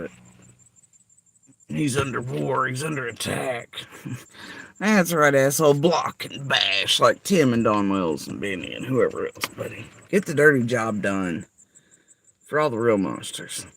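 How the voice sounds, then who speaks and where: A man's voice: medium pitch, gravelly, fairly bright tone, slight background noise, rough recording. A man delivering an angry, profane, sarcastic rant straight to someone he calls out. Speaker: vlogger. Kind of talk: angry ranting monologue.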